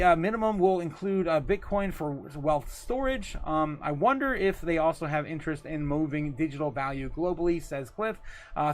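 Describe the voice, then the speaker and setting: A man hosting a casual livestream, rambling loosely, reading viewer comments aloud and laughing often between lines. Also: on the high side. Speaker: livestream host.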